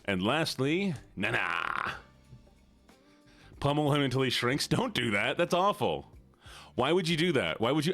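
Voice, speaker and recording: A man's voice: big pitch swings, measured pace, a bit bright, faint music behind. A man live-streaming in a playful, teasing way, chatting with his viewers. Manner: playful, teasing, squeals high when mock-upset. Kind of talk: casual live-stream chat.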